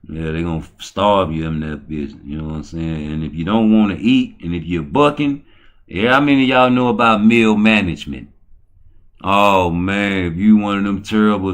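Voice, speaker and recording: Profane, boisterous low-voiced man rambling. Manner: profane, boisterous, swings between low mutters and loud excited bursts. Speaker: channel host. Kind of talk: rambling livestream talk.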